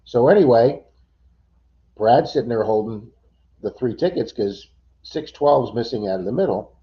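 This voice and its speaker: A man's voice: mid-range voice, lively intonation, normal speed. A man hosting a live stream, telling a long story casually with many "uh"s and restarts. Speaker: livestream host. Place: home computer setup. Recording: dull lo-fi stream audio.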